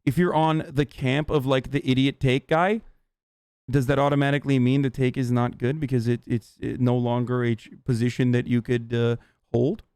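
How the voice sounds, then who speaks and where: A man streaming live, ranting heatedly at his chat with lots of swearing and halting restarts. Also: medium pitch, little pitch movement, darkish tone, clean tone, no echo. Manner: profane, agitated, halting restarts.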